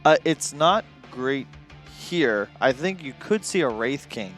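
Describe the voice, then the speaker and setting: A man's voice: medium pitch, lively intonation, takes it slowly, a bit bright, soft background music. Opinionated male esports analyst. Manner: opinionated, casual. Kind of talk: panel discussion.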